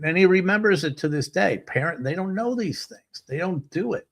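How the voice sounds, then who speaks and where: A man's voice: sits high, expressive, normal speed, creaky, a bit bright. A middle-aged man hosting a casual talk show, ranting bluntly with profanity. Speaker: show host. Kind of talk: casual monologue.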